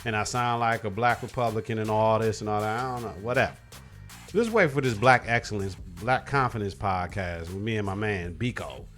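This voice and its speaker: A man's voice: on the low side, fairly quick, soft background music. Blunt, profane podcast host man. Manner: blunt, profane, animated opinions. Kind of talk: casual chat.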